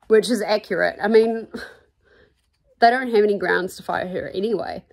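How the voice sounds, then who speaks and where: A woman with a New Zealand accent talks casually on a book vlog from home. Her voice has a gravelly, fry-laden edge. She is chatty and full of "um"s, and openly fired up about the story. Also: medium pitch, moderate pace, long pauses, a little mellow. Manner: chatty, filler-heavy, openly indignant. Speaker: book vlogger. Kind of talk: casual reading vlog chat.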